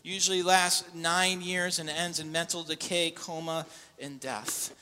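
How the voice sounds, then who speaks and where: A man's voice: fairly high pitch, level tone, unhurried. Preacher man in an echoing hall. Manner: builds to loud impassioned preaching. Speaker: pastor. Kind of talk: sermon. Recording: long echo in a large hall.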